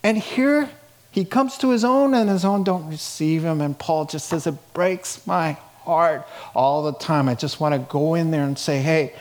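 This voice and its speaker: A middle-aged man pastor preaching a sermon in an emphatic, conversational way, with rhetorical questions to the congregation. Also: on the high side.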